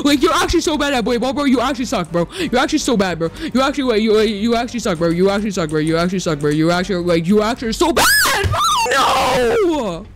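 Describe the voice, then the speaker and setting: A man giving hyped gameplay commentary as a gaming YouTuber, teasing and trash-talking the players he faces. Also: very high voice.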